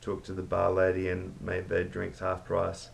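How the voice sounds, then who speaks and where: A man's voice: low-pitched, completely flat delivery, normal speed, creaky, a little hiss or hum. A man voicing a cheeky pub worker who tells stories as a joke. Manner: cheeky storytelling banter. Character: cheeky male Aussie pub worker, joker.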